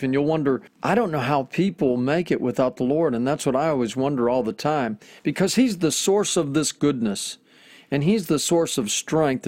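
Male podcast preacher, higher-pitched voice, fervent encouraging delivery, dry close sound. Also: darkish tone, no room sound. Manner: earnest, encouraging, rising to fervent emphasis. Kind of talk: sermon.

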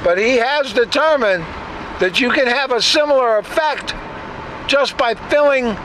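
High-voiced man giving blunt political commentary. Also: a little slow, background noise. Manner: opinionated, blunt, conversational. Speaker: podcast host.

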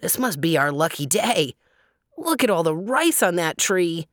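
A woman voicing a brave male dove king in a children's story, speaking steady and reassuring. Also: lowish voice, unhurried, no echo, clean studio sound. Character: White Wing, brave male dove king, calm leader.

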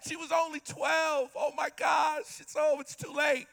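A male pastor preaching an impassioned sermon, shouting and calling out to the congregation. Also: very high voice, little pitch movement, measured pace, creaky, hardly any pauses.

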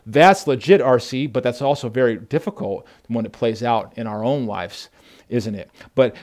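A man preaching a sermon, telling Bible stories in an animated way and addressing listeners as folks. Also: medium pitch.

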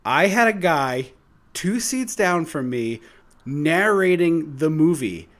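A man co-hosting a podcast in casual chat, who gets fired up and swears loudly. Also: lively intonation, slow pace. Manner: swears and rants loudly, pitch jumping when worked up. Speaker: podcast co-host.

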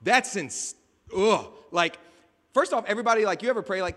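A man preaches with a high, bright, cutting voice, animated and joking as he acts out the scenes. His voice carries a long reverb from a large hall. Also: a little fast. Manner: animated and joking, acting out scenes with shouted asides. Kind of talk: sermon.

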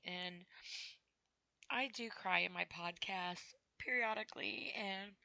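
Slow halting woman with gravelly voice. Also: mid-range voice, bright, forceful tone, no echo, rough recording. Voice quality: dry throat. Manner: slow, halting, with frequent throat clearing and sighs. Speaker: podcast host. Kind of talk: personal spoken reflection.

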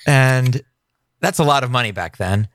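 A man's voice: medium pitch, animated, normal speed, a bit bright, no room sound, studio quality. A man hosting a podcast, recapping an old TV episode in a jokey, rambling casual chat. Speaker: podcast host.

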